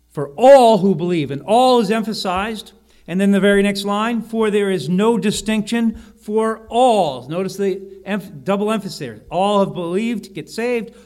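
A man preaching a sermon, slowing and rising on key phrases and often correcting himself mid-sentence. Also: high-pitched. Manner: emphatic, slows and rises on key phrases, frequent self-corrections. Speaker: pastor.

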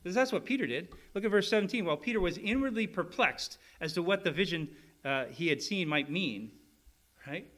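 Preaching fairly quickly, this pastor has a high-pitched, slightly bright voice with lively intonation. He walks his listeners through the teaching step by step, frequently restarting his sentences and asking them "right?"

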